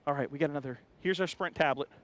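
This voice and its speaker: A man's voice: on the high side, very fast, a bit bright. A man hosting a walking tour of a race garage, chatting upbeat and joking with crew members outdoors. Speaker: host. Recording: faint outdoor background noise.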